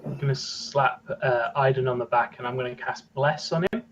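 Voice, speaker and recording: A man at a tabletop game, talking in a measured, slightly formal manner at an ordinary pitch. His mic sounds dull and lo-fi. A faint noise sits underneath. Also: fairly even intonation, fairly bright tone. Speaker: player.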